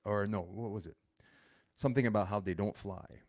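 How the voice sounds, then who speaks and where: A man's voice: lowish voice, normal speed, a little mellow, dry recording. A man in his thirties hosting a show, talking casually in a rambling way and correcting himself as he goes. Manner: rambling, self-correcting storytelling. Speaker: host. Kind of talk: casual monologue.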